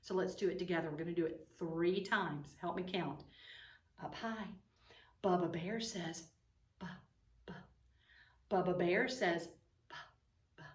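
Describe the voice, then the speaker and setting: A woman teaching preschoolers over video, using a lively, sing-song voice for small children. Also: lowish voice, normal speed. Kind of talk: online preschool lesson. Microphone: camera mic. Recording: roomy sound, a bit far from the mic.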